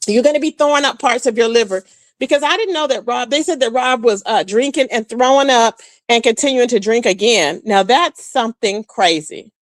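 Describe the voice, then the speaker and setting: Sassy high-pitched woman gossip streamer. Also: fairly quick, no echo. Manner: sassy, animated, talks straight to chat viewers. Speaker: livestream host. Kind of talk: casual livestream gossip commentary.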